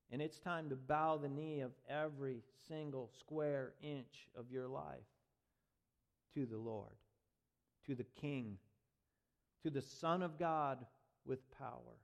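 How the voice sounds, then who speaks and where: A man preaching a sermon as pastor, reading scripture aloud and building to forceful, dramatic emphasis. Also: on the high side, a little slow, creaky, pauses often.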